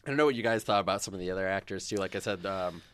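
A man hosting a casual movie review chat, chatty and quick to laugh, steering the talk with questions. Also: sits low, clean tone, no room sound. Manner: chatty, laughs often, leads the discussion with questions. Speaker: podcast host.

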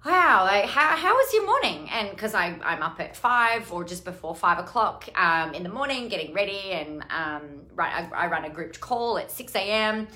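A woman's voice: lowish voice, normal speed, hardly any pauses, bright, forceful tone. A middle-aged woman coach talking casually on a live stream, chatty and rambling, with some casual swearing. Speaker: online business coach.

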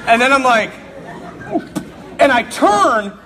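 A man's voice: extremely high pitch, takes it slowly, a faint crowd, a little hiss or hum. A man preaching, telling a funny story with lots of energy and laughing as he talks. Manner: animated, laughs through his story. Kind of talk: humorous sermon storytelling.

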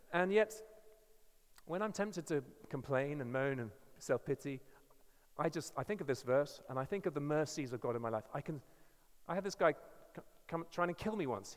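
A man with an English accent preaches earnestly, pressing each point hard and often stumbling over his starts. His voice sits high for a man. Long reverb from the church hall trails behind every phrase. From England. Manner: earnest and emphatic, with frequent restarts. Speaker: guest preacher. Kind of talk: sermon.

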